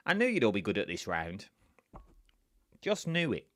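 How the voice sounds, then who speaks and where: Male quiz host, lively pitch, rambling asides, dry close mic. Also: slow pace, pauses often, no room sound. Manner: chatty and rambling, with many fillers and asides to viewers. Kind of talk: live-stream quiz hosting.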